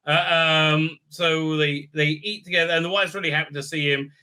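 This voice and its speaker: Sarcastic guy ranting over a show recap, lots of ums and swearing, high cutting voice. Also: steady tone, normal speed, few pauses, sharp tone, clear, resonant tone. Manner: sarcastic, profane, rambling with many fillers. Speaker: online video reviewer. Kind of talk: casual recap and review rant.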